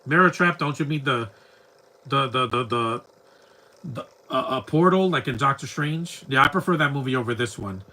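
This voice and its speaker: A man's voice: mid-range voice, animated, moderate pace, sharp tone, rough recording. A man giving live, rambling commentary over a movie, talking back at the screen bluntly and often stumbling over repeated words. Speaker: film commentator.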